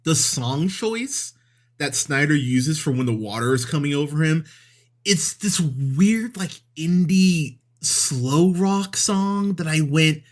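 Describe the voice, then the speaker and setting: Animated, profane man reviewing movies. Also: on the high side, takes it slowly. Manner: animated, profane, laughs often. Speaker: podcast host. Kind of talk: casual movie review chat.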